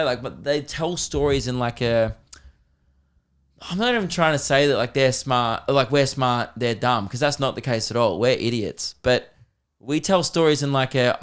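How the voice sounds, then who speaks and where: A man with an Australian accent, a comedian hosting a podcast, telling stories in a casual, rambling, animated way. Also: medium pitch, clear, resonant tone. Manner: rambling, animated, slips into voices.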